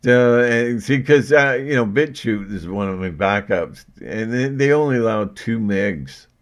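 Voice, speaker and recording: A man's voice: medium pitch, animated, measured pace. A man talking to camera in a rambling, casual monologue, joking and self-mocking, with frequent laughs. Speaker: video blogger.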